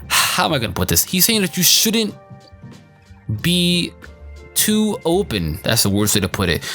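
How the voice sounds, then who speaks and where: A man giving a casual spoken anime review in an excitable, slangy, rambling way. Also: fairly high pitch.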